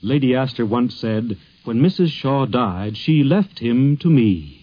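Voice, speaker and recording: A man giving measured scripted documentary narration, in a dull lo-fi recording. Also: mid-range voice, animated.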